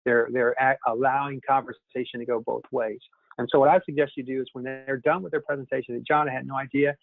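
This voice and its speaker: A sales trainer speaks fast in a mid-range voice with vocal fry and fairly even intonation, coaching upbeat and repeatedly addressing his listeners as "guys." The recording is a dry, tinny phone line.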